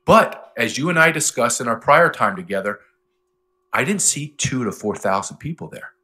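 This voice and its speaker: A man guest in an interview speaks in a bright, forceful voice that swings widely in pitch. He tells his stories with animated emphasis, repeating his key points. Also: normal speed. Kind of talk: interview talk.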